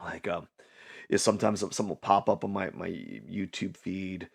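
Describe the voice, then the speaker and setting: Gravelly-voiced man rambling casually. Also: low voice, animated, normal speed. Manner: rambling, self-amused, lots of fillers and restarts; mocks others in silly put-on voices. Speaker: vlogger.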